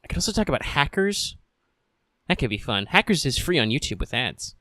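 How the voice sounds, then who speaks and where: A man's voice: on the high side, a little fast, no echo. Sleepy sarcastic man riffing on a movie. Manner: sarcastic, deadpan and profane. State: sleepy, yawning. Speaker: film commentator. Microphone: home podcast mic, no camera.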